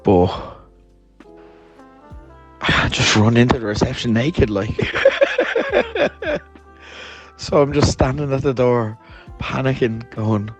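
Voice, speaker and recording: A man's voice: medium pitch, big pitch swings, measured pace, long pauses, faint music behind. A hungover man telling a friend a story in a voice note, laughing often and swearing as he rambles. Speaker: podcast host.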